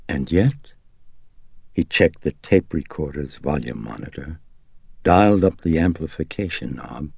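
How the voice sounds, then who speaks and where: A man narrating a horror novel in a slow, brooding, deliberate reading. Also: extremely low pitch, expressive, vocal fry, darkish tone, husky, dry recording. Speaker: audiobook narrator.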